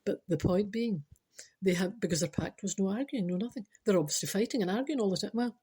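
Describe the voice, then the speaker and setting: A Scottish woman hosting a podcast, telling a comic story with spiritual advice in a chatty, animated way full of teasing asides. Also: mid-range voice, fast talker, breathy edge.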